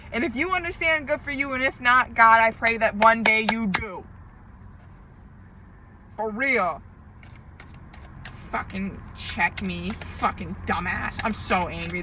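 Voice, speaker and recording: A woman's voice: fairly high pitch, unhurried, bright, forceful tone, a little hiss or hum, rough recording. A woman tarot reader in an emotional diary-style monologue, venting with frequent swearing and emphatic repetition.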